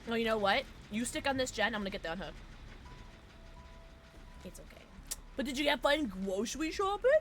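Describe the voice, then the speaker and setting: Bubbly, lively young woman streamer. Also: a little high, fairly quick, pauses often, slight background noise. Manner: bubbly, giggly, chatty with viewers. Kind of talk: casual gaming stream chat.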